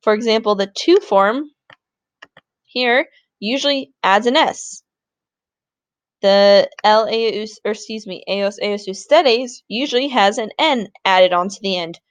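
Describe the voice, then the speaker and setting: A woman's voice: medium pitch, a little slow, dry recording. A woman Spanish teacher giving a recorded grammar lesson in an upbeat, informal way.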